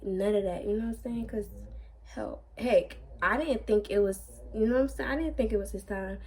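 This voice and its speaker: Tearful young woman with a gravelly voice. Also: mid-range voice, darkish tone. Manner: tearful, halting storytelling with many fillers. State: crying. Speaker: vlogger. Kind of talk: storytime vlog.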